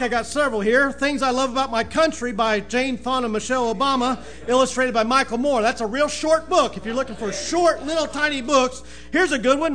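High, bright-voiced joking preacher man. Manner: folksy, says "amen" and "brother" often, laughs at own jokes. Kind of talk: joking sermon opening.

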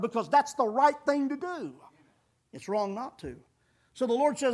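Male preacher, high voice, lively swooping pitch, emphatic sermon, frequent amens. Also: moderate pace. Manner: emphatic, rises loud on key phrases, warm asides; calls audience folks, says amen often.

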